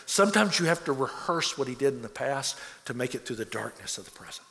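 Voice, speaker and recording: A man's voice: mid-range voice, sing-song, quick pace, vocal fry, few pauses, fairly bright tone, in a large hall. A man preaching a sermon as a pastor, earnest, repeating words as he presses his points.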